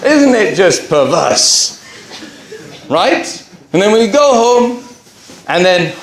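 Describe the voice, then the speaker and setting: A middle-aged Englishman with a high voice tells his conversion story to a campus audience in an echoey hall, speaking slowly with frequent pauses and a little hiss or hum. An animated storyteller, he acts out what others said and drops into quiet asides.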